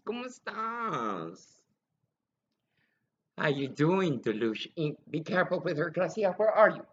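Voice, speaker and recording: A woman's voice: sits low, sing-song, slow, muffled recording, slight background noise. A woman ranting angrily and bitterly in a rambling monologue that jumps between accusations.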